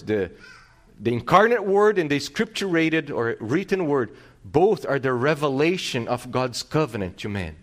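A male pastor with a mid-range voice preaches a sermon, teaching through rhetorical questions and restarted phrases. He swings his volume and pace for emphasis.

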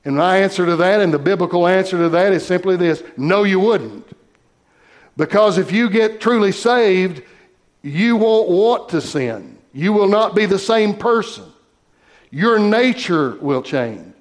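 A man delivers a sermon with a voice pitched a little above the usual. He speaks in a measured, emphatic way and draws out the phrases he wants to stress. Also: animated. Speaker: preacher.

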